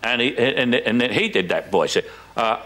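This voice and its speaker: A man with a Cockney accent, a guest in an interview, telling stories with lively mimicry. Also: medium pitch, moderate pace. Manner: animated storyteller, mocks impressionists with lively put-on voices. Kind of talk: casual interview chat.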